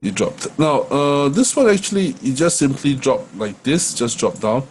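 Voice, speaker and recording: Walking viewers through trading charts in a relaxed screen-share lesson, a middle-aged forex coach speaks at a measured pace in an expressive, medium-pitched voice. He uses plenty of fillers and often asks "right?". The recording is rough, with slight background noise.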